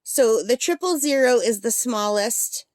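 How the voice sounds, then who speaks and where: Woman, a bit high-pitched, hiccuping, relaxed rambling unboxing chat, dry booth-like sound. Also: unhurried, dry recording. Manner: chatty, rambling, with fillers and small laughs. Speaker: art supply unboxing vlogger.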